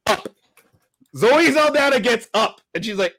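A man co-hosting a podcast, retelling a show in animated casual chat with frequent laughs. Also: sits high, moderate pace, no room sound, clean studio sound. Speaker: podcast co-host. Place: livestream studio.

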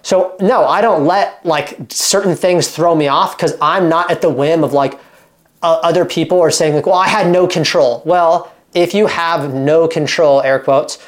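A man in his thirties from Oregon, working as a fitness coach and chatting to camera. He talks in an animated, emphatic way, drops lots of "like" fillers, and restarts his sentences. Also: a little high, a little slow. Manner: animated and emphatic, acts out quoted dialogue. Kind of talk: casual talk to camera.

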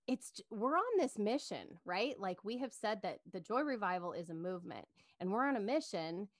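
A woman's voice: fairly low pitch, fairly bright tone, no echo, clean studio sound. Upbeat woman podcast co-host. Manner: upbeat, earnest, laughs easily. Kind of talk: casual faith podcast chat.

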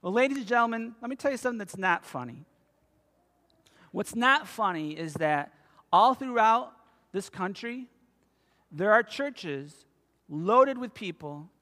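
A man in his fifties preaching a sermon as a pastor, telling stories with animated emphasis. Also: sits high. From United States. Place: church sanctuary. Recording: long reverb of a church hall.

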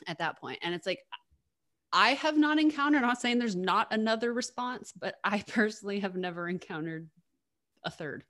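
A woman's voice: medium pitch, moderate pace, fairly bright tone. A young woman co-hosting a podcast, talking casually and candidly, often repeating herself mid-sentence and laughing. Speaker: podcast co-host.

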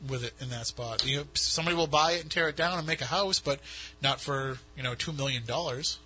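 Bright-voiced rambling New host. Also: male voice, medium pitch, brisk, husky, poor audio. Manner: rambling, self-mocking. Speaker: podcast host. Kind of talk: casual radio chat.

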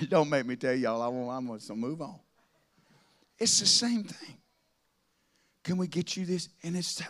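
Bright, high-voiced preacher. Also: male voice. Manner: folksy storytelling, rising into fervent preaching. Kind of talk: sermon.

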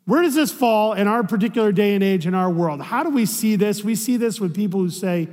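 High-voiced pastor preaching in a reverberant hall. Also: male voice, a little fast, few pauses, a little mellow. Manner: conversational preaching, asks the room rhetorical questions. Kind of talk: sermon.

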